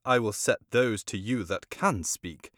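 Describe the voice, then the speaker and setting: A man's voice: measured pace, fairly bright tone, no room sound, studio quality. A man voicing a frightened, scolding queen in a storybook reading, in a raised voice. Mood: indignant. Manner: raised, indignant pitch.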